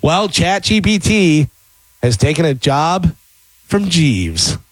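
A man's voice: a little high, big pitch swings, takes it slowly, dry recording. A man hosting a casual talk show, reading news items and joking with his co-hosts. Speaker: radio show host. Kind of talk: casual morning show banter.

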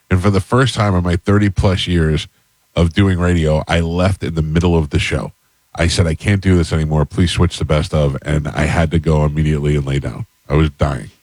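A middle-aged male radio host with a very low voice tells a story in a relaxed, deadpan way, playing both sides of his phone calls. He is recorded close on a studio mic in a dead-dry room. His delivery stays unhurried and matter-of-fact. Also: no echo. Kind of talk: casual on-air chat and storytelling.

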